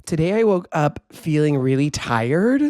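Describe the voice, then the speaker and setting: A man co-hosting a podcast in loud, excitable casual chat, with a distinctive voice that people comment on. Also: a little high, unhurried, no echo, studio quality. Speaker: podcast co-host. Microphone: handheld microphone.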